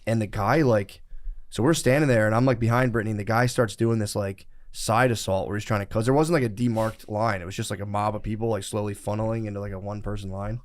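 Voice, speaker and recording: A man telling a rowdy story on a casual podcast, profane and animated. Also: fairly low pitch. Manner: fast, profane, animated storytelling with acted quotes. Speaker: podcast co-host.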